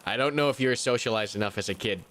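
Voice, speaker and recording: Bright-voiced rambling streamer guy. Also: mid-range voice, racing, slight background noise. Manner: rambling, profane, animated rants with mocking impressions. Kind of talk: casual live-stream chat while gaming.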